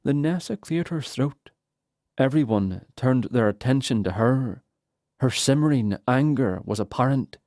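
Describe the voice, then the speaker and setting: Brief: mellow male narrator, slow and steady, dry close sound. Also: medium pitch, no echo. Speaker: audiobook narrator. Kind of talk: scripted fantasy narration.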